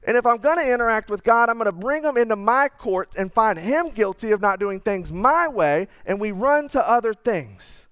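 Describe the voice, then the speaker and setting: A man, preaching a sermon in a conversational, earnest way, sometimes dropping to quiet asides. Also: sits high, animated, moderate pace, hardly any pauses, clean tone, dry recording, studio quality. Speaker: pastor.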